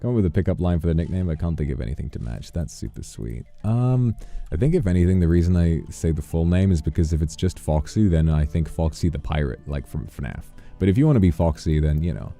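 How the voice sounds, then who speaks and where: A man's voice: low-pitched, animated, fast, vocal fry, hardly any pauses, dark tone, faint music behind. A male streamer chatting casually and playfully, bursting into mock-outraged rants and snatches of song. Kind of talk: casual live-stream chat.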